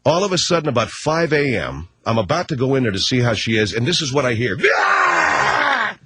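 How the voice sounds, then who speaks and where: A middle-aged man telling a story on the radio in an animated, slangy way. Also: medium pitch, fast talker. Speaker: radio host. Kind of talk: storytelling monologue.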